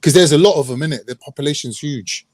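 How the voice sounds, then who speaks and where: A man's voice: on the high side, fast, crowd noise. A man on a live online panel, bantering back defensively.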